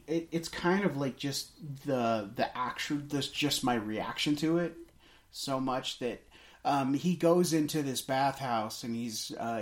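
Man, podcast co-host, casual movie chat, rambling, lots of restarts. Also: mid-range voice.

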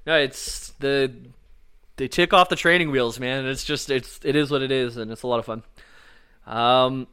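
A man talking loosely and at length, full of "like" and "um", tossing in a curse now and then. His voice is smooth and clean. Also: medium pitch, fairly even intonation, moderate pace, pushed and bright. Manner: rambling, casual, swears, frequent fillers. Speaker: podcast co-host explaining game lore. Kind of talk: casual chat.

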